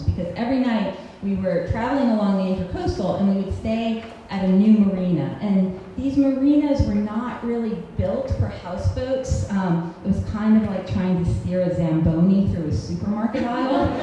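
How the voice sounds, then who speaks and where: A woman's voice: medium pitch, normal speed, mellow, muffled recording. A woman in her thirties performing a live personal story on stage, wry and self-mocking, often laughing through her lines. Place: cultural center hall, on stage. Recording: echoey live hall recording with faint hiss.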